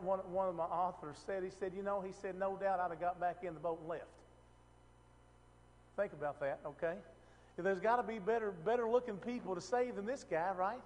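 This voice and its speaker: A man's voice: high voice, in a large hall, a little hiss or hum. A man teaching a Bible passage in a casual, conversational way, often asking the room questions and restarting his sentences. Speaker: preacher.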